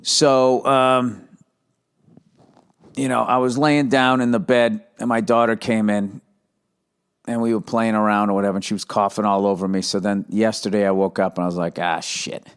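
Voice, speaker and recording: A man in his fifties with a Boston accent, hosting a podcast with a profane, exasperated comedic rant and quick impressions of others. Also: fairly low pitch, level tone, smooth. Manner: profane, exasperated, mimics others mid-story. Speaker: podcast host. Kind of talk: comedic ranting monologue.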